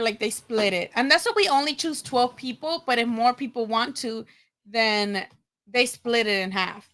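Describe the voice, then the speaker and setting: Chatty high-voiced woman hosting a live stream. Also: normal speed, fairly bright tone. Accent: Chicano English. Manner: chatty, laughing, says "dude" a lot. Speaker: host of a boxing live stream. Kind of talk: casual live-stream chat.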